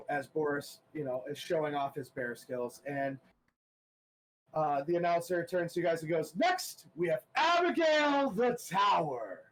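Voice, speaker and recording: A man narrating a tabletop game as game master, halting and full of ums and restarts. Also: a little high, darkish tone, a little hiss or hum, low-quality recording.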